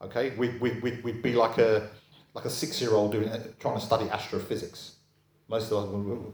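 A man's voice: medium pitch, lively intonation, unhurried. A man preaching a sermon in a conversational way, often checking in with his listeners. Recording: echoey room.

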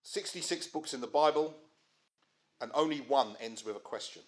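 Speaking at a moderate pace in a mid-range voice, a middle-aged man delivers a conversational sermon, posing rhetorical questions to his audience.

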